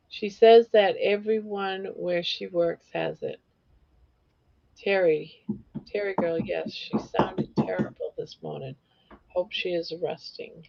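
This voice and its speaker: A woman's voice: lowish voice, fairly even intonation, slow, vocal fry, darkish tone. An older woman hosting a casual live-stream chat, rambling from one thing to the next. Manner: rambling, breaks into song snatches. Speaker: host. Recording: dull lo-fi stream audio.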